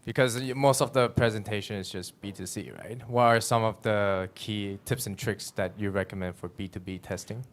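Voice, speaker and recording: A man in the audience asking the speaker a relaxed, slightly hesitant question. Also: on the low side, normal speed, few pauses.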